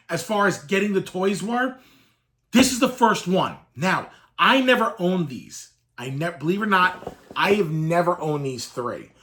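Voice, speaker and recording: A toy collector in his thirties from the Northeastern US speaks to camera in a high, slightly bright voice from a room full of collected toys. He tells an emotional childhood story in a rambling, wistful way, choking up at times.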